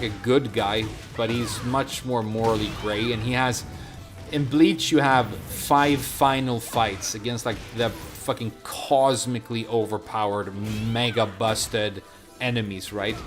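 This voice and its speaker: A man's voice: mid-range voice, slow, over music. A man from Sweden, chatting casually as a game streamer, rambling from one thought to the next and answering his chat.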